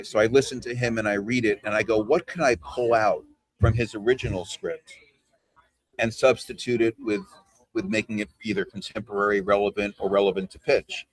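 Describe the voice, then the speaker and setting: A man's voice: fairly low pitch, no room sound. A man coaching a team over a video call. He talks in a casual, conversational way and keeps checking in with "right?" and "you know.". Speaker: trainer leading a team call.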